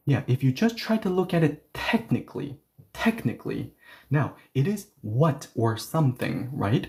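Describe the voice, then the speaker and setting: Mellow-voiced man teaching a language lesson. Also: mid-range voice, moderate pace, gravelly. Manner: animated, explains step by step, often asks "right?".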